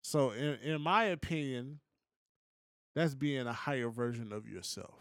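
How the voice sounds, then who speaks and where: A man co-hosting a podcast, giving his opinions in a relaxed, slangy, casual chat. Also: medium pitch, a little slow, no room sound, studio quality. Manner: laid-back, opinionated, slangy. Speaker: podcast co-host.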